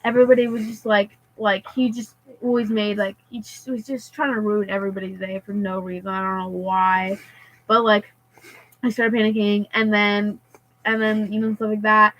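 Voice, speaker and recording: A woman's voice: mid-range voice, little pitch movement, normal speed, rough recording. A teenage girl telling a story in casual chat, rambling and filling her sentences with "like" and "and stuff like that.". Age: teens. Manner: rambling, heavy use of "like" and "and stuff like that".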